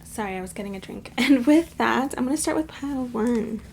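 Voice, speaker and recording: A woman runs a relaxed pick-a-card tarot reading, talking straight to her viewers in a chatty, affectionate way. Her voice sits a little high and carries a gravelly rasp, with a faint hiss of noise behind it. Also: brisk. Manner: chatty and affectionate, keeps addressing viewers as "my loves". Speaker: tarot reader.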